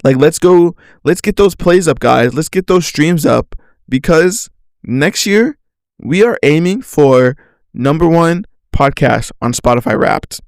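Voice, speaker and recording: A man's voice: on the high side, lively intonation, a little slow, no room sound, clean studio sound. A man hosting his own podcast alone, rambling casually with jokes and lots of fillers. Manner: rambling, joking, self-mocking, full of "like". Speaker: podcast host. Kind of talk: casual solo podcast chat.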